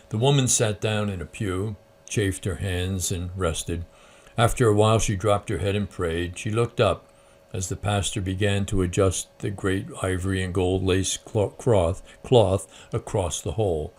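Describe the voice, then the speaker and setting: A man's voice: low-pitched, a little mellow, a little hiss or hum. A man who hosts a Christian channel, reading a story aloud and then reflecting on it, often hesitant with fillers. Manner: hesitant with fillers when speaking freely.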